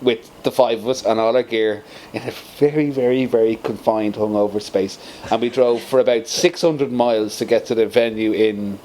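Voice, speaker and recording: A middle-aged man, a band's guitarist, telling stories in an animated way in a casual interview, laughing often. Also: fairly low pitch, moderate pace, a little hiss or hum. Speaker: band guitarist.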